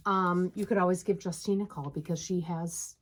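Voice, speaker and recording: A woman's voice: lowish voice, fairly even intonation, normal speed, slightly rough. Woman, Minnesota accent, enthusiastic casual co-host of a craft chat show. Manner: chatty and enthusiastic, gushing. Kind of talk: casual chat about cross-stitch.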